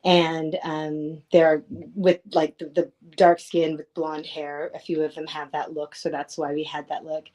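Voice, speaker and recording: Woman, actress guest, lowish voice, relaxed meandering chat. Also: a little slow. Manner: thoughtful, rambling with fillers. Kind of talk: casual interview chat.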